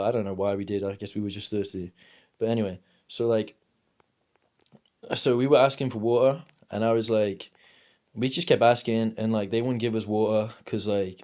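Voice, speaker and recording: Low-voiced young man rambling through a story. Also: warm tone. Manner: casual, rambling, says "bro" constantly, swears a lot. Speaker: gaming streamer. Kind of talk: rambling storytime while gaming.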